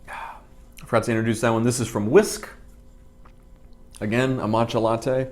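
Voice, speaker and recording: A man's voice: mid-range voice, little pitch movement, normal speed, long pauses. A man reviewing cafe drinks and pastries in a casual vlog, with a dry, rambling sense of humor and plenty of asides, speaking. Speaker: food vlogger.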